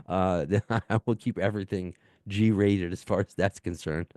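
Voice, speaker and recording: A man's voice: low-pitched, steady tone, a little slow, mellow, no echo, clean studio sound. A man with a New York accent hosting a podcast from home, reading listener emails in a casual, rambling, self-deprecating way with many fillers and restarts. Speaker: podcast host. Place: home, baby heard in background.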